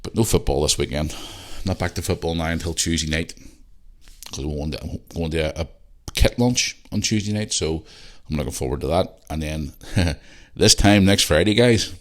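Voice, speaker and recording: A man's voice: extremely low pitch, moderate pace. A man with a Northern Irish accent hosting a casual solo podcast, rambling and chatty, repeating himself and swearing freely. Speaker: podcast host.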